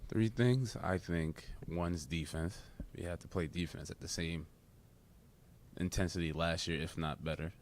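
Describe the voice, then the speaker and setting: Deep-voiced young man, easygoing. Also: measured pace, slight background noise. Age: young adult. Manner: easygoing, short answers. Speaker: college basketball player. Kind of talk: interview answers.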